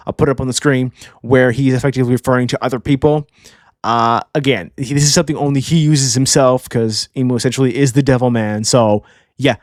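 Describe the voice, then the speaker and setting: A young man hosting a casual manga review channel, animated and slangy, doing voices for characters. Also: mid-range voice, no room sound, studio quality. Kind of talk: casual video commentary.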